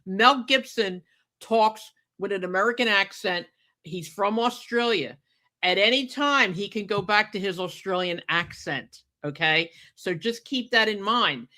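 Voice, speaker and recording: A woman hosting a podcast, talking in an easy, chatty way. Her voice has a bright, forceful edge, and she presses her points hard, often asking "okay?" before moving on. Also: medium pitch, a little slow. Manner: emphatic, chatty, keeps adding "okay?". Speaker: podcast host. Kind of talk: casual podcast chat.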